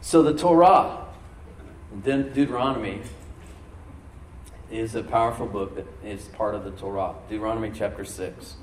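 A man preaching a sermon as pastor, stressing words by slowing down and rising in emphasis. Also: fairly low pitch, distant mic, slight background noise. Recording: echoey room, from off mic.

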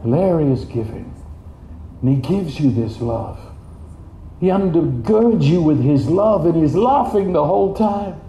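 A man preaching a sermon in an animated way, jumping up in pitch for quoted voices. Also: a little slow, a little hiss or hum. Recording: dull, echoey room.

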